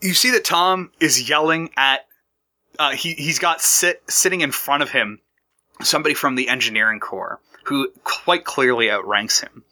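A man's voice: mid-range voice, normal speed, pushed and bright. A man running a tabletop role-playing game as game master, narrating scenes with frequent restarts. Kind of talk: narrating a tabletop war campaign.

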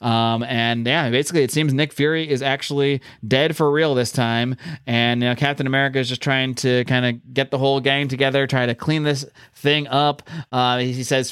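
Guy casually retelling a comic plot, lots of ums and uhs, smooth clear voice, dry close sound. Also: medium pitch, steady tone, a little fast, fairly bright tone, no echo. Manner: rambling, filler-heavy, quotes characters in plain voice. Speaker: comic book recap host. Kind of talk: casual story recap.

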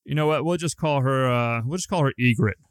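A man's voice: medium pitch, fairly quick, smooth, no echo. A young man co-hosting a podcast, telling a long, rambling, profane story in a casual, laid-back way. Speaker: podcast co-host.

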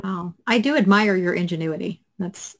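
A woman's voice: lowish voice, normal speed, a little hiss or hum. Chatty woman podcast co-host. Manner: chatty, laughs easily, self-deprecating. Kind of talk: casual podcast chat.

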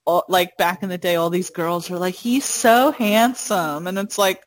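A woman's voice: on the low side, flat delivery, brisk, no room sound. A woman co-hosting a podcast, rambling casually with lots of fillers. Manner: rambling, full of "like" and "blah blah". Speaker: podcast co-host. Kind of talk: casual chat.

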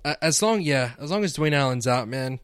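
A man's voice: mid-range voice, animated, fairly quick, clear, resonant tone, no echo, studio quality. A man co-hosting a sports podcast, chatting casually with a teasing, joking manner. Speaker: podcast co-host. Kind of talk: casual chat.

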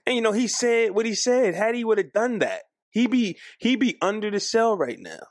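A man co-hosting a casual podcast, animated and argumentative, often jumping up in pitch for emphasis. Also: moderate pace, no echo, clean studio sound. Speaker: podcast co-host.

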